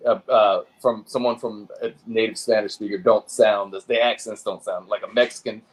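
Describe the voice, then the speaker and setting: A man talking in a casual, thoughtful way, with a fairly low voice. He hesitates often and fills the gaps with ums and uhs. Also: fairly even intonation, normal speed. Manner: thoughtful, hesitant, many fillers. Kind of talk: casual chat.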